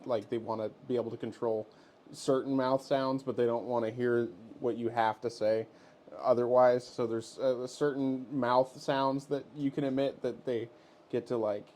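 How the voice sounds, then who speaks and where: A man's voice: medium pitch, level tone, normal speed, darkish tone. A man co-hosting a podcast in a laid-back, agreeable way, often chuckling along. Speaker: podcast co-host. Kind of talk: casual chat.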